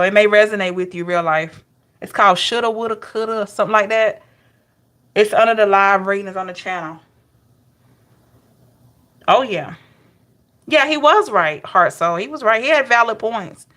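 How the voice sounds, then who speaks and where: A woman giving a casual, chatty tarot reading to her viewers, animated, with laughs and asides to the chat. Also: medium pitch. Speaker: tarot reader.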